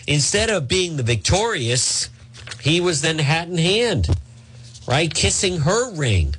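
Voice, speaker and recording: Male talk radio host, combative political commentary, lively swinging delivery. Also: on the high side, takes it slowly, slightly rough. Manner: combative, emphatic, sarcastic.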